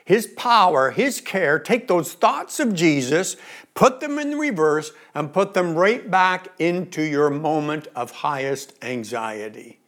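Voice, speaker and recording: Animated, high-voiced male pastor preaching. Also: slow pace. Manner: animated, acts out the disciples' cries. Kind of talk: sermon.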